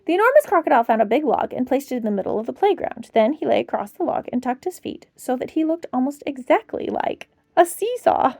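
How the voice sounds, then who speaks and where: Woman, bedtime story reading, expressive, high swooping voice, gravelly, dry. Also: quick pace, hardly any pauses, no echo. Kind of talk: reading a children's book aloud.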